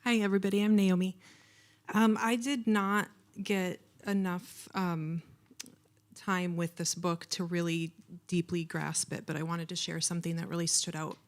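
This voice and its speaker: A woman's voice: fairly low pitch, little pitch movement, moderate pace. A woman from the congregation sharing a personal reflection, hesitant and searching for words. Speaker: congregation member.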